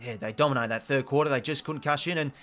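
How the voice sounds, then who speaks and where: A young Aussie hosts a live watch-along and calls the match in a relaxed manner, sprinkling in mild swearing and sudden bursts of excitement. He has a mid-range voice and a quick pace.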